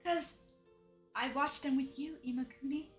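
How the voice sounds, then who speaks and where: A woman's voice: high voice, fairly even intonation, a little slow, reverberant, faint music behind. A woman voicing a sweet, clingy teenage girl who speaks in a sugary, earnest way.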